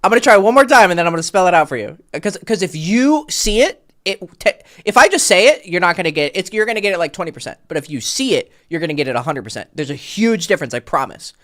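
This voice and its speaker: A man's voice: a little high, very animated, fast, few pauses, fairly bright tone. A man working as a dating coach, talking a client through his mistakes on a call in a blunt, casual way that includes swearing.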